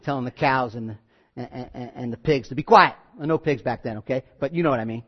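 A man's voice: mid-range voice, fast talker. Joking chatty preacher guy, kinda muffled sound, big echoey hall. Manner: conversational, joking, acts out quotes. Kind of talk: sermon. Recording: dull sound in a reverberant hall.

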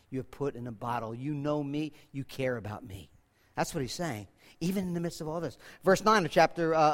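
A man preaching a sermon as pastor, emphatic, swinging between loud declarations and soft, hushed passages as he quotes scripture. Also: sits high. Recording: long reverb of a large hall.

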